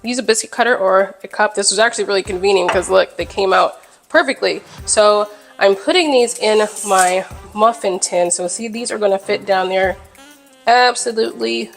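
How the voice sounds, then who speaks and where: A woman's voice: medium pitch, normal speed, creaky, faint music behind. A woman hosting a home cooking video, walking viewers through a recipe in a chatty, upbeat way. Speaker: home cook host. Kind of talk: casual cooking demonstration.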